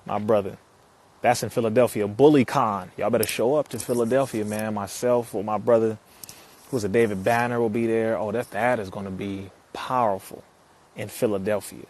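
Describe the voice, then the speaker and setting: A young man from California, hosting a casual livestream. He energetically reads viewer comments aloud, shouts out their cities, and often laughs between phrases. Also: lowish voice, fairly even intonation, moderate pace. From Compton, California. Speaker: live-stream host. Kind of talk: casual live-stream chat.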